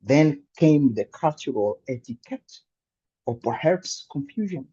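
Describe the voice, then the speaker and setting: Slow, husky man from Angola telling a story. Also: a little high, lo-fi sound. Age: 30s. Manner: animated storyteller with dramatic pauses. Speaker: club speaker. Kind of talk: prepared humorous speech.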